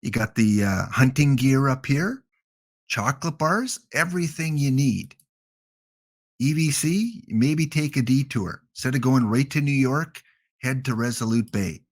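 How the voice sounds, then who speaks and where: A man's voice: medium pitch, expressive, a little slow. A man with a Canadian accent hosting a gaming livestream, chatting casually with jokey, rambling asides.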